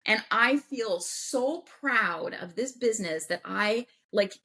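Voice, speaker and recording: A woman guest on a podcast, telling a personal story in an animated way and acting out the voices of people she quotes. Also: a little high, slow. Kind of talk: casual storytelling interview.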